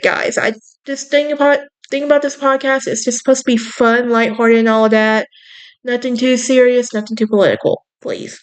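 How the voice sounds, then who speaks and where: A woman's voice: on the high side, clear, resonant tone. A young woman with a Southern US accent hosting a podcast in casual, chatty talk, sassy and bubbly, with lots of fillers. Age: young adult. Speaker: podcast host. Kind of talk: casual chat.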